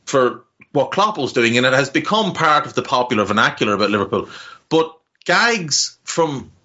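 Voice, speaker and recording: Man, Navan Irish accent, rambling casual podcast host, sharp edgy tone, muffled recording. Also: medium pitch, sing-song, moderate pace. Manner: rambling, heartfelt, swears casually.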